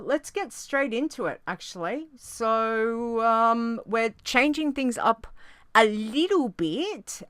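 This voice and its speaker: A bubbly woman hosting a podcast in casual chat, her voice bright and ringing and her pitch leaping around. The sound is close and dry with no room echo. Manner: bubbly and chatty, with cheery exclamations and restarts. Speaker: podcast host.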